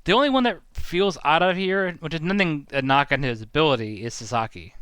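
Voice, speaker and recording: A man's voice: fairly high pitch, fairly quick, a bit bright, smooth, no echo. A man co-hosting a podcast, giving thoughtful, analytical opinions in casual chat, with vivid comparisons.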